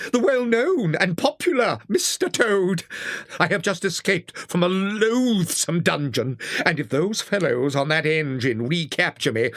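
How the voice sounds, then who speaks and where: A boastful, self-pitying toad wails in a squeaky falsetto, slow and swooping wildly in pitch. The storybook reading is dry and close. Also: bright, forceful tone, no room sound, full character voice. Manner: wailing, self-pitying, high falsetto pleading. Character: boastful male toad disguised as a washerwoman. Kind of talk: audiobook character voice.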